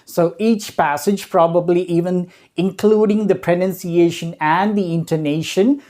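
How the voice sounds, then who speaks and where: Woman trainer, lowish mellow voice, lots of uh and right?, explaining course stuff. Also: steady tone. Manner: checks in often with "right?" and "okay"; hesitant, frequent "uh" pauses. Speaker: voice and accent trainer.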